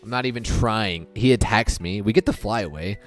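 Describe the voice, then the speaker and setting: Low-voiced man chatting through a game. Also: brisk, soft background music. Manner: thinking out loud, chatty, many restarts and "I'm like" retellings. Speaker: gaming video creator. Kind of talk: casual game commentary over recorded play.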